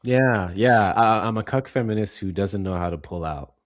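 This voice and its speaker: A man's voice: on the low side, normal speed, no room sound. A man co-hosting a casual live-stream chat, making dry, wry remarks.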